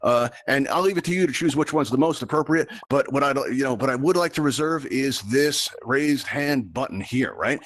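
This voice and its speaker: A man's voice: medium pitch, moderate pace, few pauses, a bit bright. A man hosting a live virtual game show, talking straight to his audience in a chatty, rambling showman manner.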